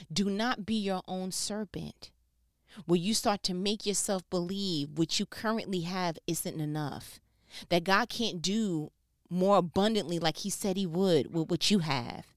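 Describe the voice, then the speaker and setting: A woman preaching a sermon in an animated, conversational way, jumping between quiet asides and loud exclamations. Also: on the low side, clean tone, no echo, studio quality.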